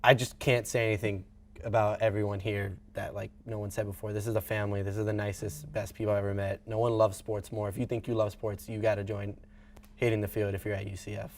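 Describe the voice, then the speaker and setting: A man's voice: lowish voice, flat delivery, fast, slight background noise. A young man giving an earnest, chatty farewell speech as a co-host in a studio, slightly choked up. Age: young adult.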